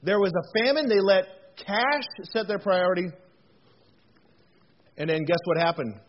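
High-voiced earnest man preaching. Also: a little slow. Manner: earnest, repeats words, folksy asides. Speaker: pastor. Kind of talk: sermon. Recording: muffled lo-fi recording.

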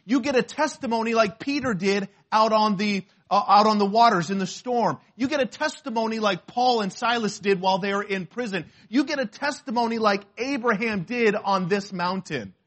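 A man, a pastor, preaching a sermon and telling a story from his own life in an animated way. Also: sits high, normal speed, few pauses. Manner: animated storytelling, shouts when acting out pain.

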